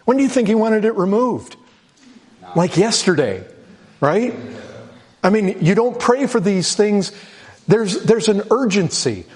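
This pastor, a middle-aged man, has a high, somewhat mellow voice with a slight roughness. His sermon is conversational: he trips over restarts and repeats words, reads passages of scripture, and steadily raises the urgency.

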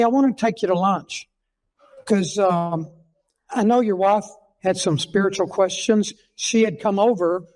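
Earnest high-voiced Texan preacher. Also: male voice, a little mellow, rough recording. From Texas. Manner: folksy, earnest storyteller acting out dialogue. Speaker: pastor. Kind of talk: sermon-style storytelling.

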